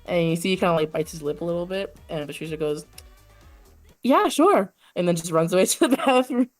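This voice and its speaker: A woman's voice: on the low side, quick pace, darkish tone, soft background music. A woman narrating as game master for a tabletop game, hesitant with many fillers.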